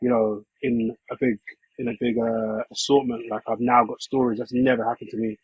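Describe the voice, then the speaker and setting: A man's voice: medium pitch, level tone, fairly quick, breathy edge, dull audio. A young man, chatting casually as a podcast guest, laid-back and full of "you know what I mean". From England. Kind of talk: casual chat.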